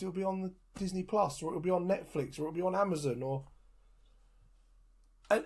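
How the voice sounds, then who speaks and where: A man's voice: high-pitched, a little mellow, breathy edge. A man co-hosting a podcast, telling stories in an emphatic, casual way. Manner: storytelling, emphatic. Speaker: podcast co-host.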